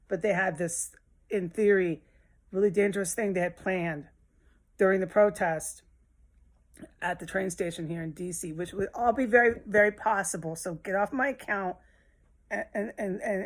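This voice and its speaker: A woman with a voice of middling pitch delivers a rambling, agitated monologue. She swears freely, doubles back and restarts her sentences. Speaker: social media commentator.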